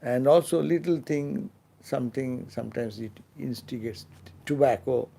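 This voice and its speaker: A swami with a gravelly, mellow, medium-pitched male voice teaches a scripture class in a temple lecture hall, giving an unscripted spiritual lecture. He speaks slowly and haltingly, with many restarts and fillers, his phrases trailing off softly. A little hiss or hum sits under the recording.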